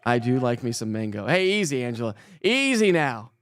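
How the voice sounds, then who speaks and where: A man's voice: mid-range voice, sing-song, normal speed, a little hiss or hum. A man hosting a casual morning weather live stream, chatting with viewers, joking at himself and laughing often. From Colorado. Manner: chatty, self-mocking, laughs often, stumbles over words.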